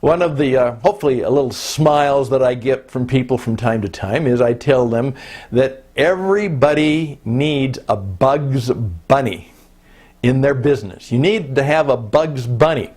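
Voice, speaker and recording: A man's voice: medium pitch, normal speed, a little mellow. An older man teaching a recorded course, talking in a reflective, conversational way full of rhetorical questions. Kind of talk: recorded lecture.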